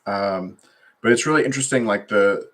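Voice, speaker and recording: A man's voice: lowish voice, moderate pace, fairly bright tone. A man talking loosely on a solo stream at his computer, meandering with many fillers and trailing thoughts. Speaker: vlogger. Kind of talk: rambling solo livestream talk.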